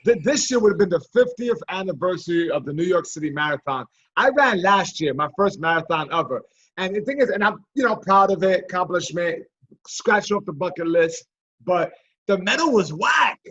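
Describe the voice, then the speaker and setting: A man hosts a podcast, trading casual, profane jokes and slangy banter. His voice is high and bright. There is a husky edge to it. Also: expressive, normal speed, muffled recording. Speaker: podcast host. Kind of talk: casual chat.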